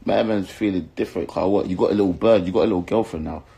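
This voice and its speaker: A man's voice: sits low, fast, gravelly, warm tone, husky, poor audio. A young man with a South London accent, a rapper, delivering an angry, insulting, profanity-filled rant that keeps circling back to the same points. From London, England. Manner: angry, insulting, swearing, repeating himself. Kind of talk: heated rant to camera.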